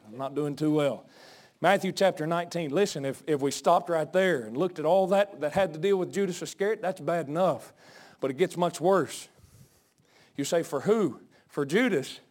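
A male pastor preaching a sermon, out of breath, swinging from folksy asides to shouted peaks. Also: on the high side, normal speed. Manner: folksy, joking asides to the congregation.

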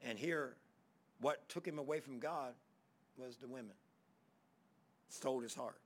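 A man's voice: mid-range voice, unhurried, long pauses. A man preaching a folksy sermon as pastor, reading scripture aloud between stories.

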